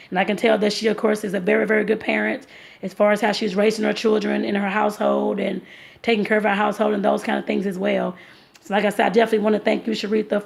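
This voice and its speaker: A woman's voice: medium pitch, creaky. A woman telling a rambling travel story to her viewers, full of fillers and restarts. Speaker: vlogger. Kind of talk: casual storytelling vlog.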